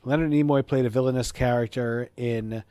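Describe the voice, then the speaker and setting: A man's voice: mid-range voice, fairly even intonation, a little fast, dark tone, clear, resonant tone. A male podcast co-host in casual chat, opinionated and prone to going off on tangents.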